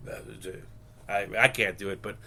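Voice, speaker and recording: A man in his thirties co-hosting a podcast in casual chat, rambling with halting restarts and deadpan jokes. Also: fairly low pitch. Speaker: podcast co-host.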